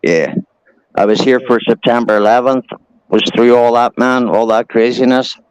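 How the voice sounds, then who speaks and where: An Irishman in his forties, speaking with an Irish accent, chats casually as a guest, rambling through stories and swearing now and then. His mid-pitched voice is steady, clear, resonant and a little dark, at a normal speed. The recording sounds muffled.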